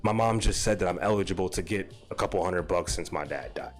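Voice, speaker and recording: A man's voice: deep voice, brisk, faint music behind. A young man telling a personal story in a casual, profane, rambling way. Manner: profane, animated, rambling with restarts.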